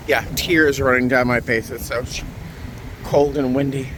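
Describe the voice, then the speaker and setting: A man's voice: medium pitch, steady tone, moderate pace. A man vlogging outdoors in a windy churchyard, chatty and exclaiming, cold and tired. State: shivering cold. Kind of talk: casual vlog narration.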